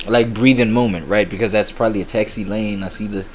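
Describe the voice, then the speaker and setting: A man's voice: lowish voice, fairly even intonation, quick pace, a little hiss or hum. A man hosting a reaction video, rambling in casual slang with lots of fillers.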